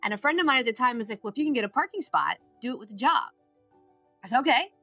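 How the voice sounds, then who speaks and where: A middle-aged woman with a bright, forceful voice tells her story as a podcast guest, pitched a little high. She talks emphatically and acts out the people she quotes. The sound is dry and close, with faint music underneath. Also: animated, quick pace, dry recording. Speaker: guest, addiction recovery coach.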